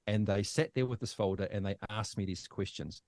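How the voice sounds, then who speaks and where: A New Zealand man in his fifties, a podcast guest telling his own story in a halting, emotional way with many restarts. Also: fairly low pitch, steady tone, a little mellow, dry recording. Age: 50s. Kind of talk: personal storytelling.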